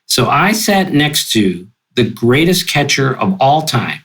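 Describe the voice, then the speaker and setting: An older man telling stories with exuberant energy, his pitch leaping up for punchlines. He speaks at a mid pitch and keeps up an animated, storytelling pace. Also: slow, husky, rough recording. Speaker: guest sportswriter. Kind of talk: storytelling interview.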